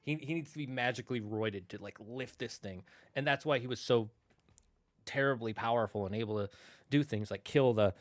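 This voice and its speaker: A man's voice: mid-range voice, fairly quick, dry recording. Chatty male streamer retelling myths. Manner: rambling, self-correcting, lively retelling. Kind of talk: casual storytelling while streaming.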